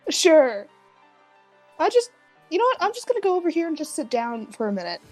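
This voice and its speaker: A woman's voice: sits high, very animated, brisk, a little mellow, soft background music. A woman player in a tabletop game, playful and slipping in and out of character. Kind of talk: tabletop role-play chat.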